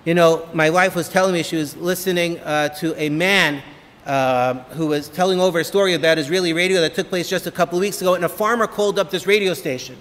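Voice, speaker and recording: A man, a rabbi, giving an inspirational holiday talk full of lively, humorous stories. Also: fairly high pitch, fast. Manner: animated, humorous storyteller. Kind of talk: motivational holiday talk with storytelling. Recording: long reverb of a hall.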